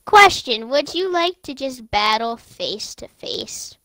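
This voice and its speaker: Squeaky teen girl gamer. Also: animated, slow pace, no room sound, poor audio. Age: teens. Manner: playful, childlike squeaky voice. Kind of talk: casual gameplay chat. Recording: loud game music behind. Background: loud game music.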